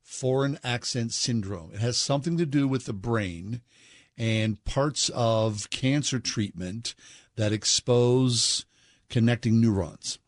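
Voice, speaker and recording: A man co-hosting a talk radio show, relaxed and chatty as he tells odd news stories. His voice sits in a middle pitch. The studio sound is close and dry. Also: slow pace, dry recording. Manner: chatty, relaxed storyteller with frequent "mm-hmm". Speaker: radio co-host. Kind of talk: casual radio chat.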